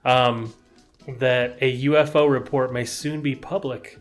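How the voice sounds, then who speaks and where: With soft music in the background, a podcast co-host speaks in a medium, fairly even voice at a measured pace. His casual talk meanders, full of hesitant fillers and restarts.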